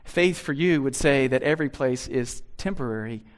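A man preaching a sermon as pastor, acting out imagined voices and swinging between soft asides and loud, emphatic lines. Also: medium pitch, moderate pace.

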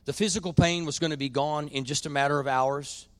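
Guy preaching a sermon, kinda high voice, goes quiet then gets loud, dry close sound. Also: fairly even intonation, fairly quick, dry recording. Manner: swings from quiet confiding to loud preaching peaks. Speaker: pastor.

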